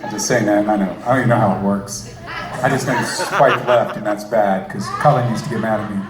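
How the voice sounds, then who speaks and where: Animated man telling a story on stage. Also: lowish voice, fairly quick, a crowd in the background. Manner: animated, self-deprecating, jokey asides. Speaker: storyteller, musician. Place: stage before a live audience. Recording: echoey room with audience noise.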